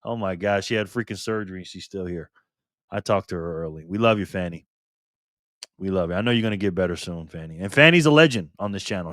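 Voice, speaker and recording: A man's voice: medium pitch, fairly bright tone, dry recording, studio quality. A man hosting a casual live stream, greeting viewers by name and reading chat aloud in a friendly, chatty way while recovering from illness.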